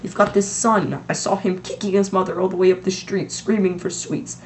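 A stern old witch professor, sharp and fussy, pitched a little higher and louder than the reader's own talk, as a teen reader puts her on. the recording carries a faint hiss, like a home reading. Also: steady tone, moderate pace, close to an everyday voice. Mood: indignant. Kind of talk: amateur audiobook reading.

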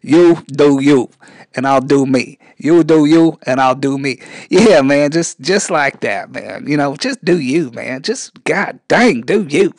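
A man's voice: a little high, expressive, unhurried, no room sound. A man playing a scrawny, touchy rural character, who rambles and drawls and keeps saying "man". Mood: defensive. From rural Arkansas. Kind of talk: comedic character interview.

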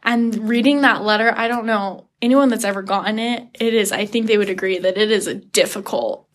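A young woman telling a personal faith story as an interview guest, earnest and animated, acting out her own past thoughts. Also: mid-range voice, a little fast. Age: young adult. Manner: earnest, animated retelling with quoted inner thoughts and laughs.

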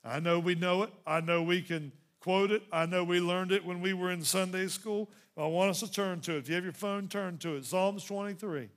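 Pastor guy preaching w a high voice, big emphatic build-ups then quiet asides, church sermon. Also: steady tone, moderate pace, few pauses.

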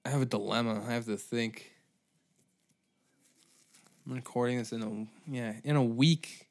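A man's voice: mid-range voice, fairly even intonation, measured pace. A man hosting a podcast, ranting in a rambling, heavily profane, exaggerated way. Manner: swears constantly, rambling, exaggerated outbursts. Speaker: podcast host. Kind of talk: profane comedic rant.

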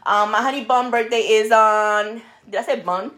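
A woman with a Spanish accent co-hosting a relaxed podcast. Her voice sits a little high. She chats loosely, slides between English and Spanish, and laughs often. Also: normal speed, slight background noise. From New York. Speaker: podcast co-host. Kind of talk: casual bilingual chat.

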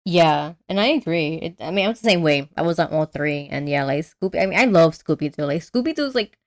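Speaking briskly with lively intonation, a young woman co-hosting a podcast chats casually in a somewhat low voice. Her talk wanders, heavy with fillers and restarted sentences.

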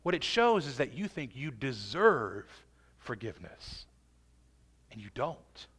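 A man preaching a sermon with emphatic delivery, stretching and swelling key phrases and dropping to a hush. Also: medium pitch, very animated, a little slow, husky. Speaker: pastor.

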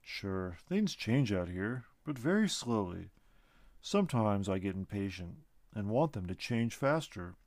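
A patient tree spirit speaks low and unhurried in this storybook reading, as a man puts him on. The voice sits below his narration and drops to a near-murmur, with a lively rise and fall. It sounds close and dry, with no room around it. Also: no room sound. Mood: wistful. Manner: slow, soft, patient. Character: calm wise male tree spirit.

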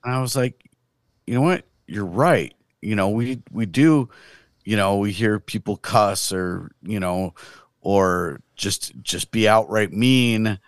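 Slow, low-voiced man musing on faith. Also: no room sound. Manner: slow, reflective, trailing off. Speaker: podcast co-host. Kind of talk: casual faith chat.

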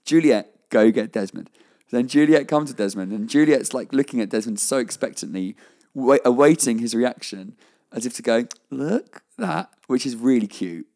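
A man's voice: mid-range voice, normal speed, mellow. A man, co-hosting a casual podcast chat, talking with eager enthusiasm and frequent laughter. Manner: enthusiastic, rambling, laughs often. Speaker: podcast co-host. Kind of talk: casual chat recapping a TV episode.

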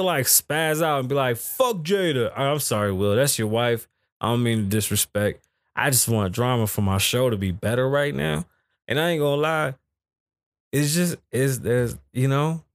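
A man hosting a podcast, talking loosely and cracking crude jokes, his pitch sitting in an ordinary middle range but leaping up and down when he gets excited. The sound is close and dry, with no room around it. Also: no echo. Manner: loose, profane and joking, with sudden pitch jumps. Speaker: podcast host. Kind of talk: casual podcast chat.

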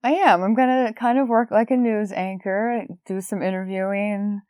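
A woman's voice: mid-range voice, fairly even intonation, normal speed, no echo, clean studio sound. A woman co-hosting a podcast in an easygoing way, giving brief replies. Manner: easygoing, brief replies, often laughing softly. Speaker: podcast co-host. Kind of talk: conversational podcast talk.

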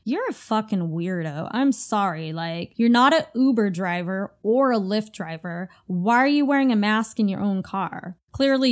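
A woman hosting a solo podcast, ranting bluntly with heavy swearing in a casual, fired-up way. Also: on the high side. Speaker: podcast host; retail worker.

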